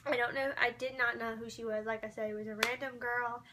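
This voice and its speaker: A woman telling a concert story to her camera in an excited, gushing, starstruck way. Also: fairly high pitch, brisk, noisy background.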